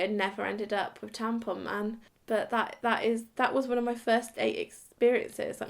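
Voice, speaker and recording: A woman's voice: mid-range voice, gravelly. A woman in her thirties telling a funny personal story to camera in a chatty, giggly way, acting out what people said. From Britain. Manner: chatty, giggly, acts out quoted dialogue. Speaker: vlogger. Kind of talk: comic storytime monologue.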